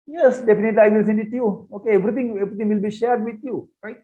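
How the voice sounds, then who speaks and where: High-voiced man lecturing on research methods. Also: fairly even intonation, rapid-fire, mellow, highs cut off. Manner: repetitive, rhetorical questions, conversational teaching. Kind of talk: online lecture with shared slides.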